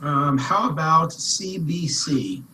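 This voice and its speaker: A man's voice: fairly high pitch, slow, pushed and bright, slight background noise, poor audio. A man moderating an online class, relaying students' answers in short lines.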